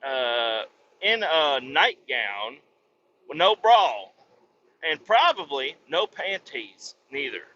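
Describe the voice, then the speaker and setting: A man's voice: on the high side, sing-song, takes it slowly, pushed and bright, dull audio, a little hiss or hum. A man hosting a podcast who tells a story in a casual comic way, rambling, sarcastic and full of swearing. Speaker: podcast host.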